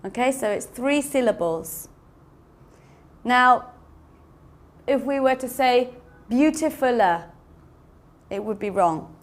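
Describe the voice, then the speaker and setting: A woman teaching an English lesson at an unhurried, deliberate pace. Her voice sits a little high. She repeats each example and spells out endings letter by letter, with patient care. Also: lively intonation. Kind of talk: slow classroom explanation.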